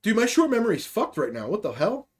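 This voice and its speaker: A man's voice: high voice, wildly swooping pitch, fast, husky. A man hosting a livestreamed talk show, telling a rambling, profane story in a casual way. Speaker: podcast host.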